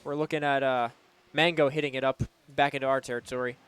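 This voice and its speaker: A young man casting a college esports match, calling plays in a loose, excitable way with lots of fillers. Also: medium pitch, fast talker, clear, resonant tone. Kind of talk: play-by-play commentary.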